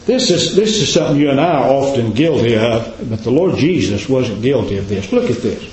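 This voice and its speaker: A man preaching a sermon as a pastor, repeating his points and dropping to a low, hushed voice for emphasis. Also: animated, brisk. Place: church. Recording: echoey, dull church recording.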